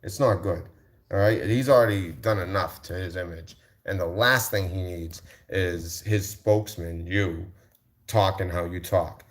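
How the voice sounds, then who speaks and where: A man's voice: deep voice, measured pace. A male livestream host answering his chat in a combative, mocking rant, repeating his insults.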